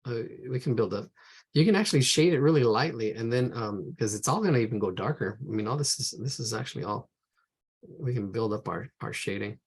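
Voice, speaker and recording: Male art teacher, rough husky voice, rambles aloud while drawing. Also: medium pitch, lively intonation, a little fast. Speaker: art instructor. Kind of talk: live drawing lesson.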